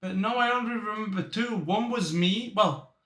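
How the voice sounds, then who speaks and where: A man's voice: high-pitched, moderate pace, fairly bright tone, echoey room. A young man chatting casually while reacting to a video, telling rambling stories, laughing often and calling the listener bro. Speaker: reaction streamer. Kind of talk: casual chat.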